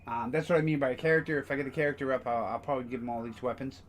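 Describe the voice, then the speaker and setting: A man's voice: mid-range voice, fairly even intonation, racing, slight background noise. A man casually streaming a game, rambling with frequent fillers and the odd curse. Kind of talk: casual gameplay commentary.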